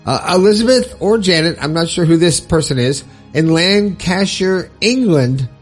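A man's voice: high voice, lively intonation, normal speed, breathy edge, soft background music. A man hosting his own podcast in a casual, upbeat and rambling way, with lots of fillers and frequent laughs. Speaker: podcast host. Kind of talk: casual solo podcast talk.

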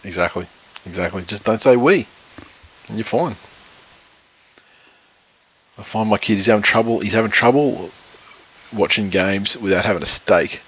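A man's voice: on the low side, normal speed, pauses often, a bit bright, breathy edge, low-quality recording. A man with an Australian accent co-hosting a casual sports chat, rambling and swearing freely with blunt opinions. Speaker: podcast co-host.

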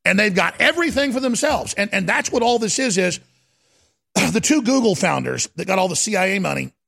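Fiery male commentator with a raised, gravelly voice; urgent, repetitive rant. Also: sits high, animated, a little fast, a bit bright. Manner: ranting, urgent, repetitive and dramatic. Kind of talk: impassioned monologue.

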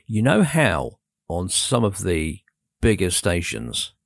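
A man in his forties hosts a late-night radio show, talking in a subdued, rambling manner and poking fun at himself. His voice sits low and sounds dry and close in a radio studio. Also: wildly swooping pitch, slow pace, vocal fry, no room sound. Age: 40s. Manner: self-deprecating, rambling, subdued. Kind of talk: laid-back radio presenting. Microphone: studio microphone.

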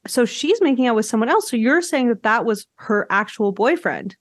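A podcast host from Canada in casual chat, chatty and quick to laugh, with lots of filler words. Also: female voice, on the high side, lively intonation, no echo, clean studio sound.

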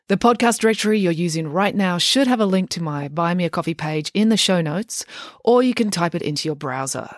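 Expressive woman reading a bedtime story. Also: lowish voice, brisk, dry recording, studio quality. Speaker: children's author and podcast host.

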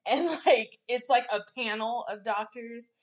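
A woman's voice: a little high, fairly even intonation, measured pace. A woman hosting a podcast, chatting in a crude, giggly, rambling way. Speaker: podcast host. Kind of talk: casual chat.

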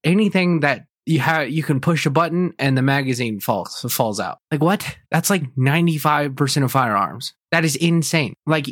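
A man's voice: medium pitch, dry recording, studio quality. Blunt, foul-mouthed young male podcaster. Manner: profane, animated, blunt. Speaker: podcast host. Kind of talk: casual storytelling rant.

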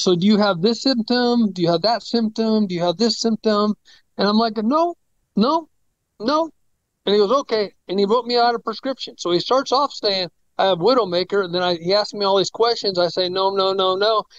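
A man's voice: high voice, dry recording, highs cut off. A middle-aged man, a pastor, telling a personal story in a rambling, casual way, correcting himself and acting out the voices he quotes.

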